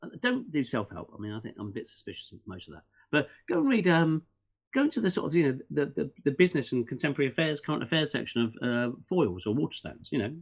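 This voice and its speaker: Animated, fast-talking man. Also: fairly high pitch, gravelly, breathy edge. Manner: animated and rambling, with many restarts and fillers. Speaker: podcast guest. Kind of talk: casual interview chat.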